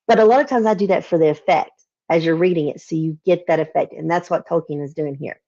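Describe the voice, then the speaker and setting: A woman's voice: low-pitched, warm tone, muffled recording. Southern woman teaching poetry over a call. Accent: Southern American. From Southern United States. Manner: explains patiently, reads verse slowly and deliberately. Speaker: literature teacher. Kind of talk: online poetry lesson. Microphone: video call.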